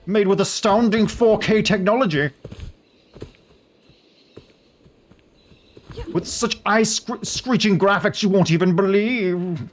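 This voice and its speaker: A man voicing a bombastic male carnival barker, with a showy, drawn-out announcer delivery as a mock voice on a game stream. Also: high voice, pitched above the performer's own voice, natural voice. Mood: grandiose.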